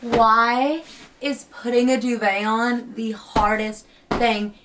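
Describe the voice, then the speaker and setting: A woman's voice: on the high side, fairly even intonation, slow pace, background noise. A young woman vlogging at home in a chatty, bubbly way, talking casually to the camera. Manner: chatty, bubbly, many likes. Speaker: lifestyle vlogger. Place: bedroom at home. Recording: voice a bit far from the mic.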